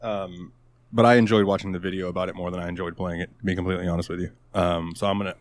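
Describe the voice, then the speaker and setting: A man co-hosting a casual gaming podcast, laid-back and hesitant, often clearing his throat. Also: sits low, little pitch movement, very fast. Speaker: podcast co-host.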